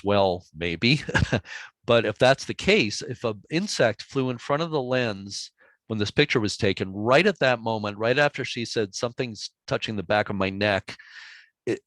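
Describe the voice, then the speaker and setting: Low-pitched male presenter, laid-back storyteller giving a talk to an audience, dry close mic. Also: dry recording. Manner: relaxed, chatty storytelling with easy chuckles. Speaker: author giving a library presentation. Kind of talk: storytelling public talk with slides and audio clips.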